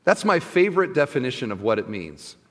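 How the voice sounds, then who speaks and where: A man's voice: medium pitch, sing-song, a little fast, in a large hall. A man preaching a sermon as pastor, in a conversational way, often asking his listeners questions and restarting his sentences. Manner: conversational, asks the audience questions, many restarts.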